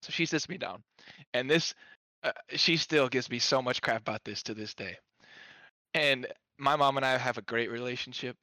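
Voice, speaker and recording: Young man, mid-pitch, bright tone, rambling storyteller who laughs a lot. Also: normal speed, dry recording. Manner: rambling, many "like" fillers, laughing through his stories. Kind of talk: casual storytelling among friends.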